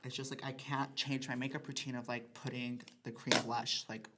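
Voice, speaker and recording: A woman from Texas with a remarkably low voice chats as she does her makeup on camera. She tells stories in a lively, campy way and swears freely. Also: normal speed, heavy background noise. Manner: lively, profane, campy storyteller. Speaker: beauty vlogger host. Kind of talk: casual chat while doing makeup.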